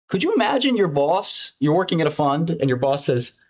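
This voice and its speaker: A man giving casual screen-share commentary as host, ranting in a profane, mocking and excitable way. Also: fairly high pitch, brisk, hardly any pauses.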